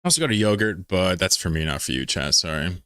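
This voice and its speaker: Low-voiced streamer guy from pennsylvania, rambly and swears a lot, dry close sound. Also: expressive, fast talker, fairly bright tone, smooth, no room sound. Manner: rambling, joking, swears freely. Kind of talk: casual live-stream chat while gaming.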